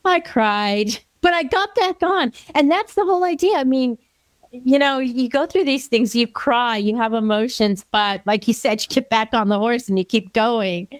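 A woman's voice: fairly high pitch, moderate pace, no room sound. A woman hosting an interview, telling a family anecdote and asking questions in a conversational way.

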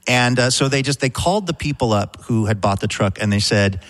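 A man's voice: mid-range voice, fairly quick, few pauses, fairly bright tone. A middle-aged man hosts from a radio studio, spinning a light news item into a chatty story. His humor is wry and self-mocking, and he slips jokes in as he goes. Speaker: radio show host. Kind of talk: chatty storytelling with comic asides.

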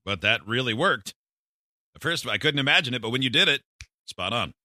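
A man's voice: mid-range voice, fairly quick, no room sound, clean studio sound. A man hosting a radio show, chatting casually and playfully with his co-hosts. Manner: playful, animated. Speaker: radio host. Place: radio studio. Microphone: studio mic.

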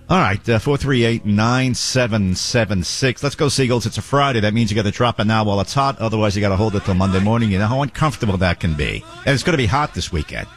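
A man's voice: fairly low pitch, lively intonation, quick pace, hardly any pauses, soft background music. A man hosting morning radio, reading ads in a brash, joking, ad-libbing way. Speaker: radio show host. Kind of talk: morning radio talk and live-read ads. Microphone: close studio microphone.

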